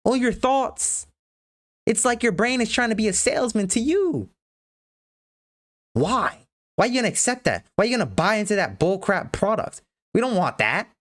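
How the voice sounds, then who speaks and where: A woman's voice: fairly high pitch, sing-song, normal speed, pauses often. A woman livestream host giving a blunt, profane motivational rant.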